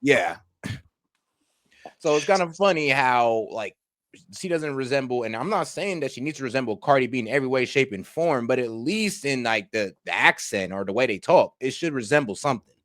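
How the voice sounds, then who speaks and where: Animated slangy young-sounding man, dry mic. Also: mid-range voice, normal speed, no echo. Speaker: co-host reacting to a video. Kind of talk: casual reaction chat.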